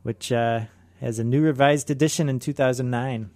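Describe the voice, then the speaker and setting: A man hosting a community radio show, chatting in a laid-back, halting way with lots of fillers. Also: mid-range voice, fairly even intonation, darkish tone, dry recording. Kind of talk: casual radio chat.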